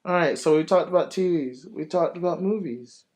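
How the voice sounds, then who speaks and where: A man hosting a podcast, casually retelling a movie plot in a rambling, profane, animated way full of fillers. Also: a little high, fairly quick. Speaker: podcast host.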